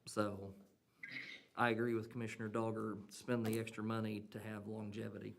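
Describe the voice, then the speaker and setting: A man, the mayor, chairing a city council meeting in a brisk, easygoing way. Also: lowish voice, level tone, vocal fry, slight background noise.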